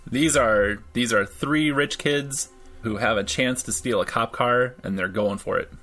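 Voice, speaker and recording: Dude running a d&d game, kinda halting, bright tone, light music underneath. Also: male voice, mid-range voice. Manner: casual, hesitant with many fillers. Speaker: dungeon master. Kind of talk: narrating a tabletop game.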